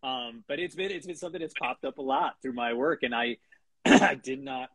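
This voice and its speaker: A middle-aged man with a husky, slightly breathy voice talks as an interview guest. His speech is halting, full of restarts and fillers, with the odd chuckle. The sound is close and dry, with no room echo. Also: mid-range voice, a bit bright. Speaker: guest, animation writer. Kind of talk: casual interview chat.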